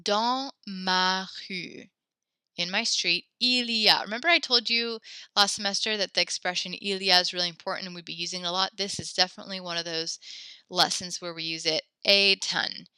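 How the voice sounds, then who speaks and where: Woman, French teacher, casual rambling lesson, fillers and restarts, smooth clear voice, fairly low pitch. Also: steady tone, fast talker, pushed and bright, no room sound. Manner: chatty, digressive, many fillers and self-corrections. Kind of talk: recorded classroom lesson.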